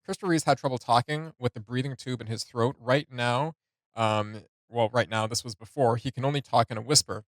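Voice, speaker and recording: A man's voice: medium pitch, fairly quick, no room sound. Guy doing a chill reaction vid, lots of ums and laughs, dry close sound. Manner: chatty, laughs often, reads notes aloud with many fillers. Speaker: reaction video host. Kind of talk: casual reaction commentary.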